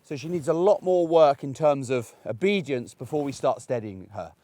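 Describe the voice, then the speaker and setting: A man's voice: medium pitch, lively intonation, normal speed, dark tone, dry recording. A man, a dog trainer, chatting and explaining as he demonstrates puppy training outdoors, with frequent restarts. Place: outdoors in a paddock.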